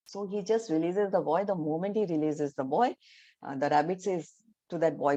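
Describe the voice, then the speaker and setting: A woman with an Indian English accent telling a fable in an online class, halting with fillers and switching into Hindi phrases. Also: fairly low pitch, mellow, highs cut off. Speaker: yoga and meditation teacher.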